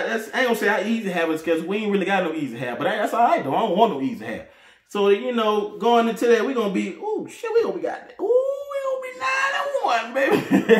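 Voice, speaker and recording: A man rattles off boastful fan predictions in a high voice. He laughs and shouts when he gets fired up. The room around him is echoey. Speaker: sports fan vlogger. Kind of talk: casual fan commentary to camera.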